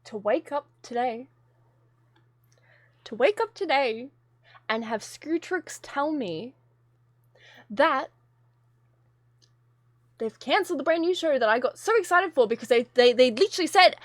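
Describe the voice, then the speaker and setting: A young woman with a very high voice rants to her stream chat, rambling and exasperated, swearing freely. Her voice sits close and dry on the mic, with no room around it. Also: animated, a little slow, pauses often, no echo. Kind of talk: casual ranting to a live chat.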